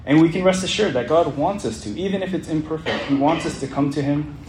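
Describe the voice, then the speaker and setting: A man's voice: on the high side, fast talker. Earnest man teaching a roomy Bible class. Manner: earnest, asks the group questions. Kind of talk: interactive Bible study lesson. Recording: roomy echo, faint background noise.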